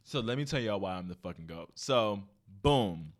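A young man hosting a solo podcast, telling stories in a casual, profane, animated way, full of slang. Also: lowish voice, moderate pace. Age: young adult. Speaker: podcast host.

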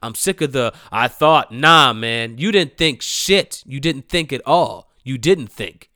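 A man's voice: medium pitch, lively intonation, a little slow, sharp tone, dry recording, studio quality. A man ranting angrily and bluntly, repeating himself and swearing freely. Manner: angry, blunt, repetitive, profane. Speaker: commentator. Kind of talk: profane ranting commentary.

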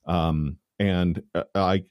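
A man hosting a podcast speaks in a low voice, setting out his thoughts in a measured way. The sound is dry and close. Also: steady tone, a little mellow, dry recording. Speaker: podcast host. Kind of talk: casual podcast interview.

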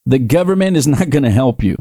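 A man's voice: medium pitch, animated, fairly quick, warm tone, no echo. A man hosting a podcast, preaching in an emphatic, repetitive way that rises into fervent declarations. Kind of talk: preaching commentary.

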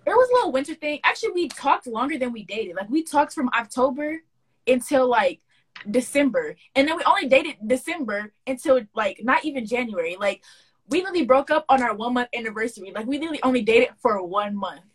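Slightly high young woman, animated storyteller. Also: quick pace, husky. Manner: animated storyteller, acts out quoted dialogue with slangy banter. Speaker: podcast co-host. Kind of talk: casual podcast chat.

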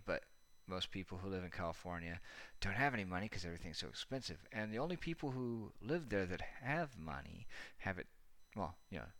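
A man's voice: sits low, sharp tone. A man hosting a casual commentary monologue, sarcastic, profane and rambling.

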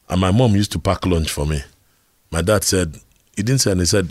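A man's voice: sits low, fairly quick, no room sound, clean studio sound. A middle-aged Nigerian man giving an earnest talk on communication, telling personal stories and asking rhetorical questions. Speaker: speaker on communication skills.

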